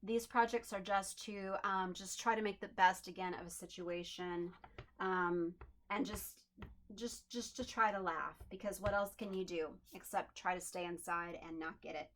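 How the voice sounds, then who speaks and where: A woman's voice: lowish voice, steady tone, moderate pace, fairly bright tone, a little hiss or hum. Chatty woman giving a craft tutorial. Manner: chatty, upbeat, thinking aloud as she works. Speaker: crafting channel host. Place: home craft desk.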